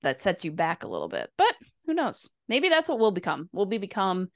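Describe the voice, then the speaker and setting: A woman's voice: medium pitch, wildly swooping pitch, brisk, no room sound. Chatty woman, dry close sound. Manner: chatty, lots of fillers. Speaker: podcast co-host. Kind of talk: casual hockey podcast chat.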